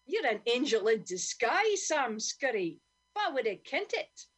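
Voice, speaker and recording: A woman's voice: a little high, very animated, unhurried, a bit bright, slightly rough, heavily acted. A woman voicing a weary, humble homeless man in his fifties, speaking in a broad Doric Scots accent. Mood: grateful. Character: homeless middle-aged tramp, weary and humble.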